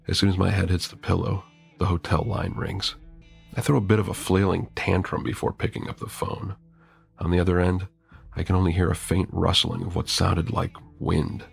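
Gravelly deep-voiced male horror narrator. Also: little pitch movement, normal speed, soft background music. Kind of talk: first-person horror story narration.

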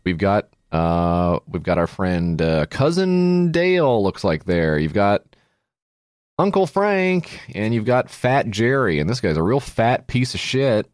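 Sarcastic deep-voiced man, dry close mic. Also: sing-song, a little slow, no room sound. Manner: sarcastic, crude, reviewing a party game. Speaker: podcast co-host. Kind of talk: comedy podcast chat.

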